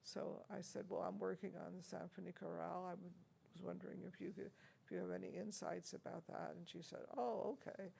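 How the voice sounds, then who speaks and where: A woman's voice: fairly low pitch, level tone, brisk, vocal fry, few pauses, darkish tone, a little hiss or hum. An older American woman being interviewed as an organist and teacher, telling stories in a chuckling, anecdotal way with many hesitant restarts. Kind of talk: reminiscing interview talk.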